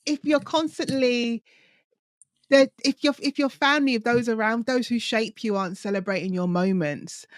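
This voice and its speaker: A woman's voice: a little high, normal speed, no room sound, clean studio sound. A woman hosting a podcast interview, reacting and laughing along with her guest. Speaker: podcast host. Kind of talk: interview chat.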